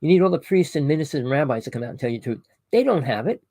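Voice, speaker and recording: Gravelly man ranting to his viewers. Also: a little high, expressive, very fast, dark tone, no room sound, rough recording. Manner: rambling, preachy, with frequent self-corrections; addresses listeners as "people" and asks rhetorical questions. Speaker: online conspiracy commentator. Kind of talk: ranting monologue to camera.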